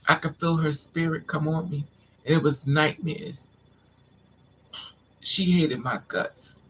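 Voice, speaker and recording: A man's voice: on the high side, fairly bright tone, a little hiss or hum. A man vlogger intensely telling a painful personal story to his viewers, repeating himself as he vents. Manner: intense, repetitive, venting.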